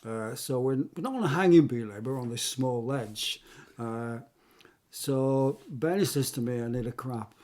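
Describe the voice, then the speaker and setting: An older man spins loose, rambling anecdotes from his mountaineering days, often stopping and restarting and laughing at his own tales. His voice sits at an ordinary middle pitch for a man. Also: expressive, unhurried, a little mellow. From England. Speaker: interview guest, retired military mountain rescuer. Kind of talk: casual storytelling interview.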